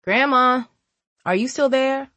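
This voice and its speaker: A woman's voice: high-pitched, slow, a bit bright, no echo, voice pushed up. A woman reading the part of a troubled young woman who sounds emotional and defensive. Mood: irritated.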